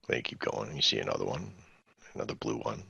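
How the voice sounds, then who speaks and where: A man's voice: very deep voice, huge pitch swings, fast, vocal fry, bright, forceful tone, breathy edge, no echo, muffled recording. A man hosting a live trading webinar, talking in a rambling, conversational way and quizzing his audience. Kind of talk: casual live webinar teaching.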